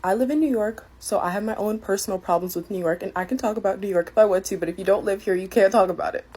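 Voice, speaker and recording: A woman's voice: mid-range voice, fast talker, mellow, breathy edge. A woman of Caribbean family telling a casual story in an exasperated, indignant way.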